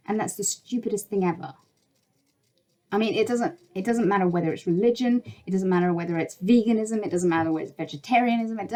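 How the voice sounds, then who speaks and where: A woman's voice: medium pitch, darkish tone, low-quality recording. A woman vlogger delivering a heated opinion rant to camera, exasperated and blunt, swearing freely. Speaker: YouTuber.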